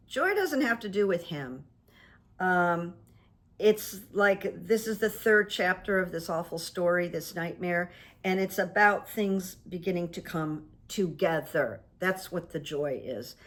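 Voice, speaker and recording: A woman hosts her own talk show, reading runes and telling stories from her past. She speaks slowly and a little low, wandering through her thoughts with frequent fillers and false starts. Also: a bit bright. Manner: meandering, with many fillers and restarts. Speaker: host and rune reader. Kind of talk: casual monologue.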